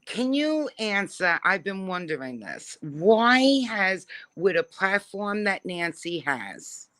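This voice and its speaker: A woman's voice: medium pitch, very animated, slow, a bit bright. A woman calling in to a live show, asking her question in an emphatic, rambling way. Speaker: caller.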